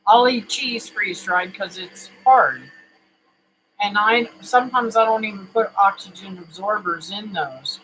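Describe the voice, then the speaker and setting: Slow, bright-voiced folksy homestead vlogger. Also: mid-range voice, slight background noise, rough recording. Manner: folksy, rambling, with many fillers. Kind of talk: casual chat to camera.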